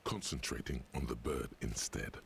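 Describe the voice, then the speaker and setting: An actor playing the brooding inner-voice narrator of a detective game, dry and measured. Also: male voice, slight background noise. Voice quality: very deep and gravelly.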